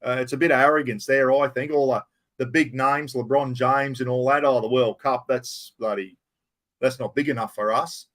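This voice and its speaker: A man's voice: medium pitch, fairly bright tone. An Australian man hosting a casual livestream chat, rambling and blunt, often calling his viewers mate. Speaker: livestream host.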